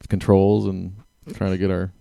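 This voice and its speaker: A man's voice: sits low, monotone, moderate pace, creaky, mellow, clean tone, dry recording, clean studio sound. A man hosting a live podcast, upbeat as he introduces his guest and reads out a bio. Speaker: podcast host. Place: small room in a downtown venue.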